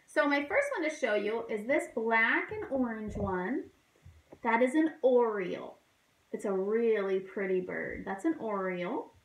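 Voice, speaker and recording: A woman who is a children's librarian, leading a toddler storytime in a gentle, encouraging, sing-song teacher voice. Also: a little high. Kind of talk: speaking slowly and simply to toddlers. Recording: roomy echo.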